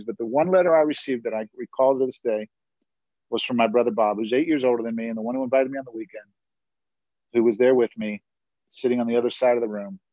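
A man with a gravelly, creaky voice tells a personal faith testimony in an earnest storytelling way. The recording is dull and muffled, close and dry with no room echo. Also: medium pitch. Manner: earnest storytelling with laughs and asides.

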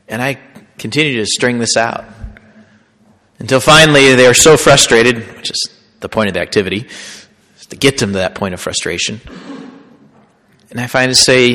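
Priest, male, dramatic preacher voice, loud to hushed, long hall reverb. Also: medium pitch, normal speed, pauses often. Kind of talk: sermon.

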